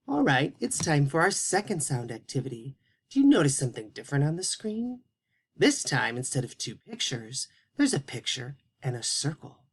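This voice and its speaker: A male teacher giving a phonics lesson to young children, speaking slowly and encouragingly and spelling out each word with care. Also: on the high side, big pitch swings, fairly bright tone, breathy edge. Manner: slow, encouraging, carefully spelled-out words for young kids.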